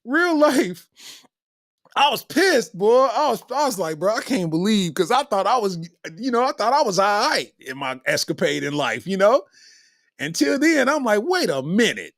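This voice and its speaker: A middle-aged comedian hosts a podcast and tells loose, slangy stories. His pitch swings up and down with lively energy. The sound is close and dry, with little room echo. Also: moderate pace, gravelly. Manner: animated, slangy, laughs between lines.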